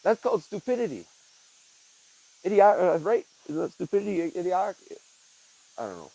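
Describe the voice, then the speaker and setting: A man's voice: high-pitched, sing-song, normal speed, vocal fry, warm tone, rough recording. A young man, a podcast host, talking in a rambling, reflective way and often saying "man" and "dude". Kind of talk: casual monologue.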